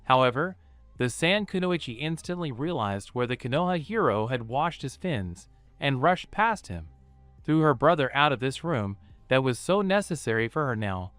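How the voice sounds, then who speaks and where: A man narrating a fan fiction story in an even storytelling read. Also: mid-range voice, moderate pace, no echo, faint music behind.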